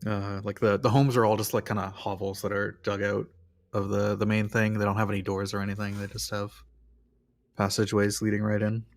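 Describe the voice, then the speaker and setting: A man's voice: lowish voice, little pitch movement, brisk, gravelly. A young man narrating as game master, describing scenes with many ums and restarts. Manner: hesitant, filler-heavy narration.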